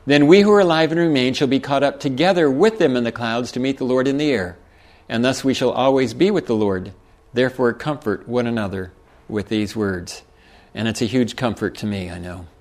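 A man's voice: mid-range voice, fairly quick, a little mellow. Man preaching with folksy asides. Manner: reads scripture then explains with folksy asides and chuckles. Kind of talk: sermon.

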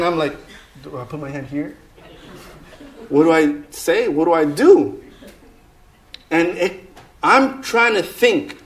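A man casually telling a story to listeners, animated and chuckling as he goes. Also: fairly high pitch. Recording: roomy echo.

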